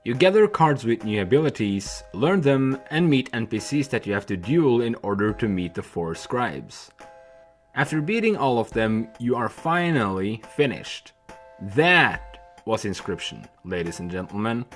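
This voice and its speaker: A young man narrating a video essay in a candid, animated way that includes swearing. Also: mid-range voice, a little slow, soft background music.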